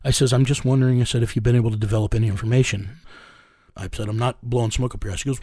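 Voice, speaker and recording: A middle-aged man being interviewed, telling a rough story in a blunt, profane way and chuckling as he goes. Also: mid-range voice, steady tone, rapid-fire, dark tone, dry recording, studio quality. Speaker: interviewee recounting a rescue case.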